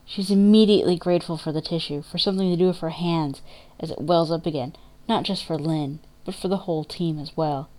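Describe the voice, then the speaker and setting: A woman's voice: deep voice, brisk, mellow. Woman reading emotional fiction aloud. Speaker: story reader.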